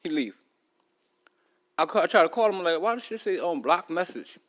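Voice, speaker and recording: A man's voice: high voice, animated, moderate pace, fairly bright tone. A man hosting a podcast, telling a long story in a loose, rambling casual way, talking around a loose tooth. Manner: loose, rambling, with many fillers and restarts. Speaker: podcast host.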